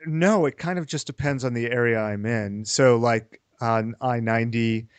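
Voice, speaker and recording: A man's voice: medium pitch, moderate pace, clear, resonant tone, no echo. A man co-hosting a podcast in casual chat, wryly asking questions and pressing for definitions. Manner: questioning, wry, asks for definitions. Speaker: podcast co-host.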